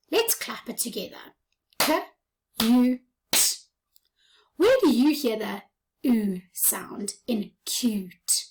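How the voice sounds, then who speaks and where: Woman primary teacher, fairly high voice, bouncy intonation, patient encouraging delivery with soft half-whispered asides. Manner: slow, clear, encouraging teacher talk with sing-song praise. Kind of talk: online phonics lesson.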